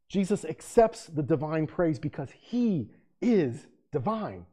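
A man preaching a sermon in a conversational way, reading scripture aloud with loud emphasis. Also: a little high, big pitch swings, slow pace, husky. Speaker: pastor.

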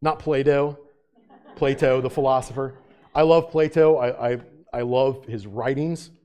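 Man, pastor, sermon, mellow warm voice, rhetorical questions, fervent emphasis. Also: mid-range voice, fairly even intonation, a little slow. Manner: asks the congregation rhetorical questions.

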